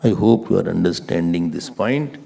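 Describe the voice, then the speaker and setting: A man's voice: sits low, lively intonation, moderate pace, gravelly, mellow. A man giving a scripture class lecture as a Vedanta teacher, patiently repeating his points for emphasis.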